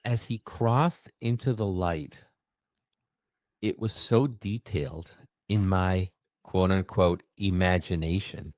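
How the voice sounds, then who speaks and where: A man who works as a medium, telling a personal story in an expressive, emphatic way during a conversation. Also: sits low, no room sound, studio quality. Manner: expressive, emphatic, with bursts of fast speech. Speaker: medium recounting his experiences.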